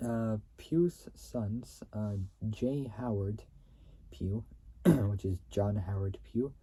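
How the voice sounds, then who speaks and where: A man reads history aloud at a slow, unhurried pace, stumbling and going back over his phrases. His voice is very dark and mellow, with a husky edge. He breaks off now and then to clear his throat. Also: fairly low pitch. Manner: stumbling reader who repeats and restates phrases. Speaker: channel host reading company history. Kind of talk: halting read-aloud history recap.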